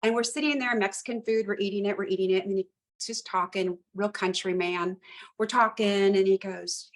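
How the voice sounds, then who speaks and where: A woman in her fifties, a retired police lieutenant, telling stories as a guest in an animated, emphatic way and repeating phrases for effect. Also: medium pitch, moderate pace. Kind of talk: conversational storytelling.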